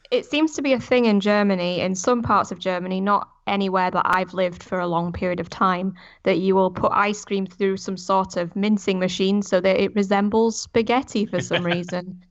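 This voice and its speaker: A woman's voice: medium pitch, fairly even intonation, moderate pace, no echo, highs cut off. A woman on a video game podcast, explaining something in a casual, slightly puzzled way. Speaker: podcast panelist. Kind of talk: casual chat.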